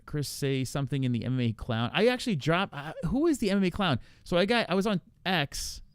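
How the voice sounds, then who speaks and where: A man hosting a casual podcast, his pitch a bit high and bouncing all over as he reacts to streams. He swears freely and laughs often. The sound is close and dry. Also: big pitch swings, brisk, clean tone, no echo. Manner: profane, loose, laughing often. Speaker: podcast host.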